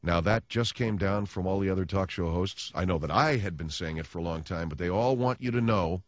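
A man hosting a radio talk show, delivering a mock-solemn, sarcastic announcement in a deadpan way into a studio microphone. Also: deep voice, a little fast, no echo, highs cut off. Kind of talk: sardonic radio monologue.

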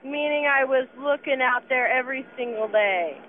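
Female caller, high-pitched and accusing, on a tinny car phone with faint road noise. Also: normal speed. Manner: accusing and sharp, asks pointed questions. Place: in a car on the way home.

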